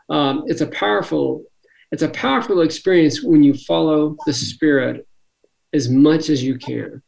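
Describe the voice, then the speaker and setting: A man co-hosting a spiritual podcast, earnest and affirming, quick to agree and speaking about following the spirit. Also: on the high side, vocal fry, dark tone, poor audio. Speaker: podcast co-host. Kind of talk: casual spiritual podcast chat.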